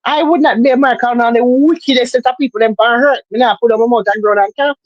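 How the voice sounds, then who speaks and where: A woman's voice: fairly high pitch, fast, no echo, muffled recording. A woman with a Jamaican accent chatting casually on a livestream, emphatic and repetitive, as if lecturing.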